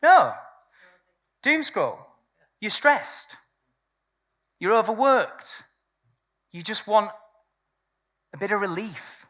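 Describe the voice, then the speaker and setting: A woman speaks to a live audience at an event in a bright, forceful voice. She is blunt and candid and swears freely. Her pitch sits in a middle range for a woman. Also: very animated, very slow, pauses often. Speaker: seminar speaker. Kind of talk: live business talk to an audience.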